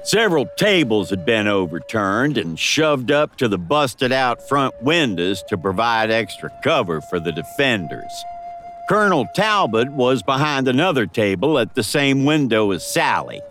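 A man narrating a western audiobook in a dramatic, expressive storytelling manner. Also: mid-range voice, moderate pace, faint music behind.

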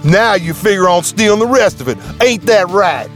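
A man's voice: high-pitched, expressive, normal speed, fairly bright tone, faint music behind, voice pushed up. A man voicing a drunk, jittery frontier man with a drawl, slurring and nervous, in an audiobook. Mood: drunk, agitated. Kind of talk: audiobook character voice.

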